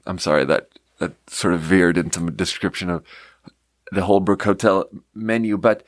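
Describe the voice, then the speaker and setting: A deep-voiced man hosts a podcast at a normal speed, recorded in a clean studio with no echo. He rambles through casual chat, laughing often and swearing casually.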